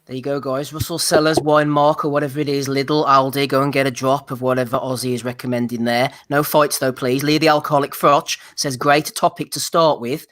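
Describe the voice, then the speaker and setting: A man's voice: medium pitch, flat delivery, a bit bright, slight background noise. A man hosting a live stream, teasing his guests and reading out chat comments. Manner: jokey, teasing, quick to laugh. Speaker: host.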